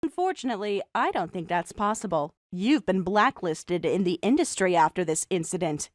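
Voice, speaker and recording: A young woman voicing a calm, mocking designer who also narrates the story in first person. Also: fairly low pitch, no echo, clean studio sound, natural voice. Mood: cold mocking. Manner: cool, mocking, measured.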